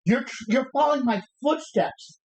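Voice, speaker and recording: A woman's voice: high voice, moderate pace, darkish tone, natural voice, rough recording. A woman re-enacting a brash male pro wrestler's defiant promo on a livestream, taunting and cocky, tripping over the words as she recites them.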